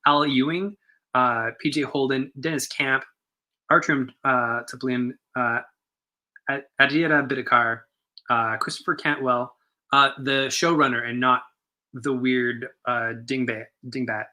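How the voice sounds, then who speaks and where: A man's voice: mid-range voice, fairly even intonation, unhurried, sharp tone. A man co-hosting a comic shop stream, chatting enthusiastically with lots of fillers and restarts. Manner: enthusiastic, rambling with many fillers. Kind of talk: casual chat.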